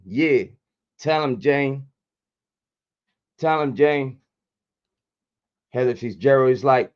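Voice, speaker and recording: A hoarse man hosting a true crime livestream, cursing freely and hyping his chat with repeated chants, speaking into a desk mic. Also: mid-range voice, lively intonation, slow pace, pauses often, dull audio. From Puerto Rico. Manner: profane, repetitive hype chants. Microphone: desk microphone, camera off.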